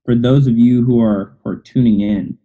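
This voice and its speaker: A man hosting a casual podcast who talks in a relaxed, conversational way. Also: medium pitch, moderate pace. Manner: relaxed, conversational host talk. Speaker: podcast host. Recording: dull lo-fi audio.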